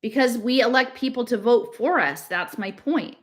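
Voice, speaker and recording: Reading a novel aloud, a woman voices an earnest, serious teenage girl who talks insistently and reads widely. She pitches it fairly high, above her own voice but near an everyday register, with lively intonation and a moderate pace.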